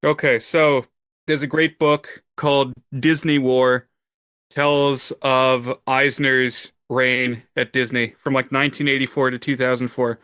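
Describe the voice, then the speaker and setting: A man co-hosting a film podcast, explaining things in a measured, orderly way during casual chat. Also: mid-range voice, little pitch movement, pushed and bright, clean tone, no echo, studio quality. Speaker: podcast co-host.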